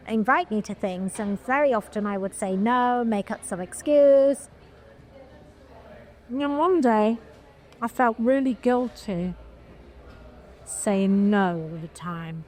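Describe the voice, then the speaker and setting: A middle-aged woman, a film producer telling an animated story in an interview, with frequent restarts. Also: a little high.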